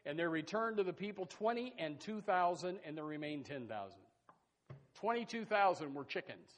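Animated, high-pitched preacher man. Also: a little fast. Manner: animated, folksy preaching with sudden loud bursts. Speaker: pastor. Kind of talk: sermon.

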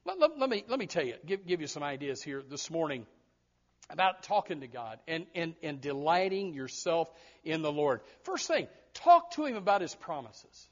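A man's voice: on the high side, sing-song, moderate pace. A man preaching a sermon, speaking emphatically and often repeating words as he restarts. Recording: dull lo-fi recording.

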